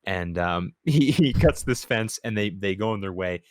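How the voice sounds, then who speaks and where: A man co-hosting a casual podcast, retelling a TV episode with halting restarts and quick character voices. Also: fairly low pitch, lively intonation, no room sound, studio quality. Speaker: podcast co-host. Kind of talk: casual chat recapping a TV episode.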